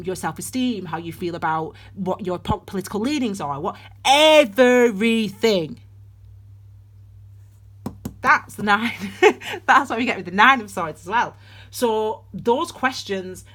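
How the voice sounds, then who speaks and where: A woman's voice: mid-range voice, a bit bright. A woman giving a casual tarot and astrology reading, rambling and chatty with many restarts, calling her viewers darlings. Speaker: tarot reader.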